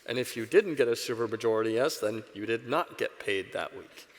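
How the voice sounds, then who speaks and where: A man's voice: mid-range voice, lively intonation. A man speaking on a conference panel, talking with many restarts and tag questions. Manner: halting, many restarts and "right?" tags. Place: conference stage in a large hall. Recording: reverberant hall.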